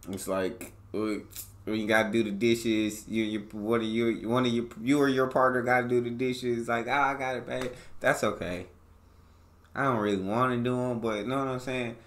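A man's voice: medium pitch, level tone, moderate pace. A man hosting a reaction video, chatting casually and laid-back, laughing often.

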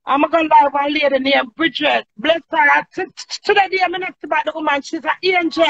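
A woman's voice: high voice, fairly even intonation, a little fast, creaky, few pauses, a bit bright, dry recording. A woman with a Jamaican accent chatting casually on a live stream, blunt, brash and boastful, talking in patois. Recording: dull lo-fi sound.

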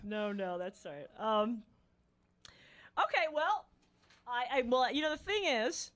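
Woman, radio host, high-pitched, giggly, halting, lots of fillers, casual chat. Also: very animated, fairly bright tone. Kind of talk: casual on-air chat with a band.

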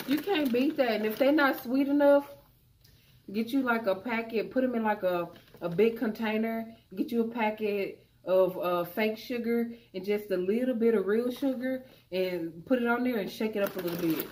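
A young woman with a drawl talks through a grocery haul in a loose, chatty way, calling viewers "y'all" and working through prices. Her voice sits at a middling pitch for a woman, relaxed and unhurried. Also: background noise. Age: young adult. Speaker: vlogger. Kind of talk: casual grocery haul chat.

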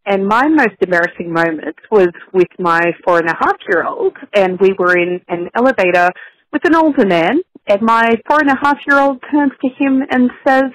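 A woman with an Australian accent, a caller telling an animated story in a recorded message. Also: brisk, no room sound. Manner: animated storytelling, high voice for child quotes. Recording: tinny phone-line recording.

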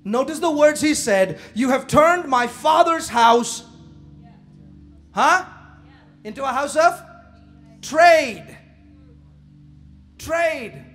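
Man, pastor, very high voice, live church sermon, shouts and quiet asides, faint music behind. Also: slow pace, long pauses. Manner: animated preaching, shouting and dropping to asides; casual slang, laughs at own jokes.

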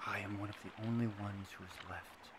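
A man playing a grieving, obsessive woman artisan, pleading at times and loudly demanding at others. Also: fairly low pitch, steady tone, brisk, heavy background noise, close to an everyday voice. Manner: pleading, then loud and demanding.

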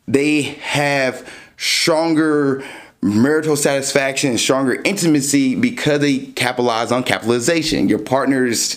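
Man casually explaining on his podcast. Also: mid-range voice. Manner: explains through everyday examples, animated when acting out scenes. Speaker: dating podcast host.

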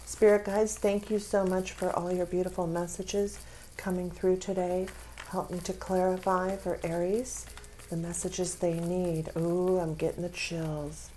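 A woman's voice: on the low side, dark tone, a little hiss or hum. A woman giving a tarot reading, speaking with spiritual feeling and emotion, close to tears. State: tearful. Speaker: tarot reader.

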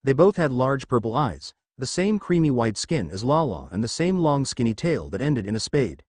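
Male storyteller reading fan fiction, animated, dry close sound. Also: mid-range voice, moderate pace, no room sound. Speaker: narrator.

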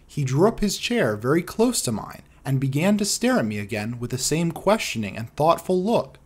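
A man narrating a classic detective story as an audiobook in a measured storytelling manner. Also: a little high, big pitch swings, breathy edge.

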